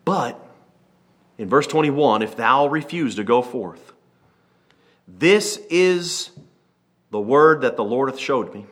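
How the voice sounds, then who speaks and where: A man preaching a sermon, reading scripture slowly and then retelling it in lively everyday speech, acting out the characters. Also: medium pitch. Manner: switches from slow King James reading to lively paraphrase.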